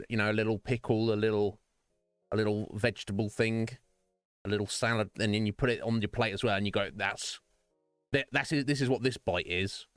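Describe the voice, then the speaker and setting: Low-voiced rambling male streamer. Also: a bit bright, no echo, clean studio sound. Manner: rambling and self-interrupting, swears casually. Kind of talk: casual live-stream chat. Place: home streaming setup.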